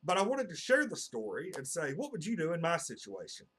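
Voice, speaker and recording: A man's voice: on the high side, huge pitch swings, a little fast, fairly bright tone, slightly rough. A man, telling a personal story to camera in a casual, meandering way full of "uh" and "you know.". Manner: earnest, meandering, heavy on fillers like "uh" and "you know". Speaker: channel host.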